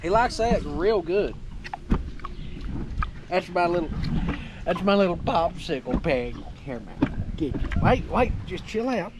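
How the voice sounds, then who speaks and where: An excitable man with a high, lively voice that leaps around, chattering and coaxing outdoors. Loud rural noise surrounds him, with animals and engines in the background. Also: a little slow, pauses often. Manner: excitable, laughs a lot, coaxing. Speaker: vlogger feeding his pig. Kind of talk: casual outdoor vlog chatter.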